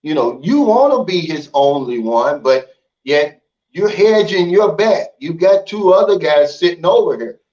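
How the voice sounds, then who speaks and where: Guy doing a livestream, blunt and folksy, kinda highish voice, muffled lo-fi sound. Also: lively intonation, unhurried, a little mellow. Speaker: livestream host. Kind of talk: casual livestream chat. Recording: dull lo-fi stream audio.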